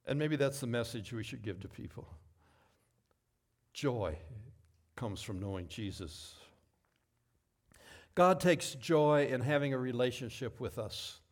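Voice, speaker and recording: A man giving a sermon as pastor, telling stories in a relaxed, folksy way with asides and self-corrections. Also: medium pitch, measured pace, pauses often.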